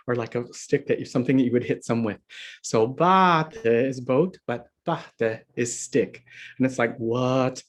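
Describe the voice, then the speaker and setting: A man teaching a harp lesson over a video call, chatty and laughing often as he explains. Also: mid-range voice. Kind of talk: online workshop lesson.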